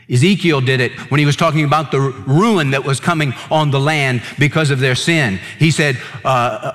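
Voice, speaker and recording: A man pastor delivering a sermon in an earnest preaching manner, slowing and dropping low to stress key words. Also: a bit bright, big-room sound.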